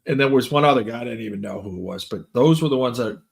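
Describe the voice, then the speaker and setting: A man's voice: medium pitch, quick pace, creaky. An older man chatting casually, rambling through stories and acting out what people said. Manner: rambling, lists names, acts out quotes. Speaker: podcast host. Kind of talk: casual storytelling chat.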